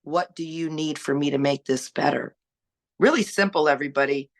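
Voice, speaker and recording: A woman's voice: sits low, fairly quick. A woman sharing her recovery story on a panel, earnest and exhorting, asking rhetorical questions. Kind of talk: personal sharing, preachy.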